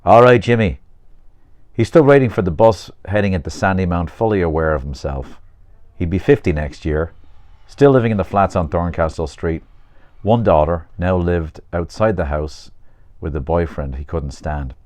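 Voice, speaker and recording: A man gives an informal reading from his own novel, breaking off now and then to make chatty comments about the text. His voice is low-pitched and a little mellow, at normal speed with no echo.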